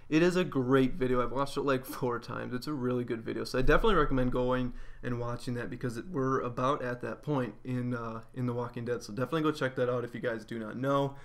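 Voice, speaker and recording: A man giving a casual spoken episode review, rambling with lots of fillers. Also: mid-range voice.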